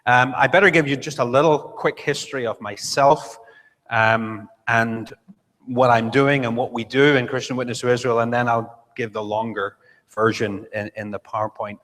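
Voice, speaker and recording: A middle-aged man with a Northern Irish accent talks to a church congregation in an easy, joking way, with plenty of "uh" and "um". His voice sits at an ordinary pitch for a man. The sound carries a long reverb from the large church room. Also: fairly even intonation, normal speed, fairly bright tone. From Northern Ireland. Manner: conversational, self-deprecating humor, frequent fillers. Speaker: visiting missionary speaker. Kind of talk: church talk. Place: church sanctuary.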